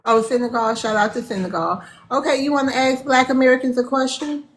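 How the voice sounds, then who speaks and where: A woman with a fairly high voice hosts a live stream in a loose, chatty way. She greets viewers by name and calls them "honey" and "y'all." A faint hum sits under her voice. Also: steady tone, fairly quick. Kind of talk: casual live stream chat.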